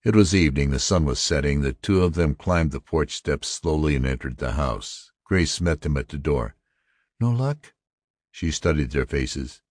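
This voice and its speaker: A man reading a story aloud as narrator, measured and steady. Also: a bass voice, no room sound, clean studio sound. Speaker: audiobook narrator. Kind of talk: scripted narration.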